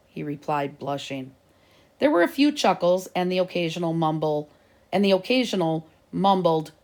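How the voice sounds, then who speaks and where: A woman narrating a children's chapter book aloud at an even, unhurried pace. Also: low voice, creaky. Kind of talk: storybook reading.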